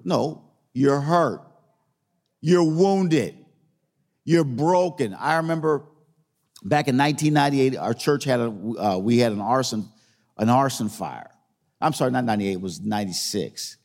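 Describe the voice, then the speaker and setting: A man's voice: a little high, expressive, normal speed, darkish tone, big-room sound. A man preaching a sermon as a pastor, telling a story in a conversational way and repeating phrases for emphasis.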